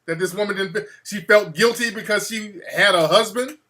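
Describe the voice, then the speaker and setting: A man's voice: sits high, normal speed, pushed and bright. A man hosting a call-in show, blunt and mocking in profane banter. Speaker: radio show host.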